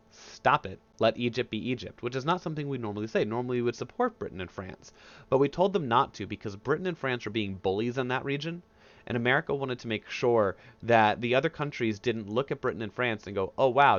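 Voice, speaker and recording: A man's voice: lowish voice, fairly bright tone, lo-fi sound. A male history teacher giving a casual, conversational recorded lecture over a headset mic. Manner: casual, conversational, acts out historical figures in quick asides.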